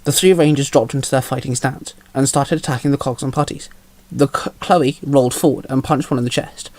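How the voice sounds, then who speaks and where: A man's voice: mid-range voice, steady tone, brisk, darkish tone. A man narrating his own fanfiction in plain storytelling, with small slips. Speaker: narrator and author. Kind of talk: fanfiction read aloud.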